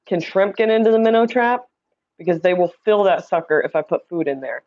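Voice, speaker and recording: A woman from Indiana hosts a casual, chatty livestream, greeting viewers by name and reading their comments aloud. Her lowish, slightly mellow voice has lively intonation, and she speaks briskly. Her streaming setup mic yields a muffled recording.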